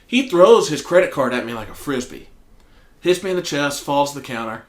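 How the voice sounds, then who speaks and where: Southern man, podcast co-host, cussing storyteller, mid pitch, roomy echo. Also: fast. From American South. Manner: profane, animated storyteller acting out quotes. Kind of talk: casual storytelling chat. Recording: echoey room.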